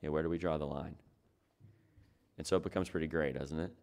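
A man's voice: very deep voice, steady tone, a little fast, vocal fry, darkish tone. A man preaching a sermon as pastor, talking it through in a conversational way and asking his listeners rhetorical questions.

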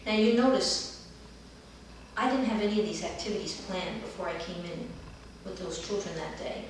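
A middle-aged woman, a dance movement therapist, calmly telling the story of a session with children. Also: on the low side, normal speed, noisy background. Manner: calm, gentle storytelling, livelier when acting out children. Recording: roomy echo, heard from a distance.

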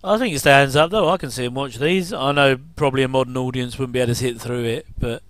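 A man talks loosely through a casual commentary, drifting between remarks and little chuckles. His voice is smooth and clear at a middling pitch. The sound is dry and close, with no room around it. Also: fast, fairly bright tone, no echo. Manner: rambling, chuckling asides.

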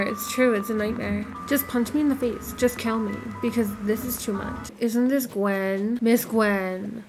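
A woman's voice: fairly high pitch, fairly even intonation, a little slow, few pauses, music in the background. A woman hosting her gaming channel, reacting with dramatic, profane, exaggerated outbursts during casual game commentary.

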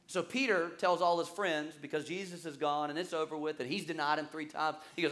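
A male pastor preaching a sermon, telling stories with lively acted-out quotes and quick repetitions. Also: fairly high pitch. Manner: animated storytelling, acts out quoted voices; repeats words when excited.

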